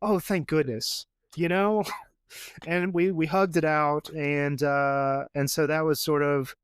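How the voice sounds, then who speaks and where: A man's voice: fairly high pitch, level tone, slow, clean tone, no echo, studio quality. A man talking casually as a podcast guest, rambling and chatty, with lots of fillers and acted-out quotes. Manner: rambling and chatty, full of fillers, acts out what others said. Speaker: podcast guest, father and jewelry designer. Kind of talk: casual conversation.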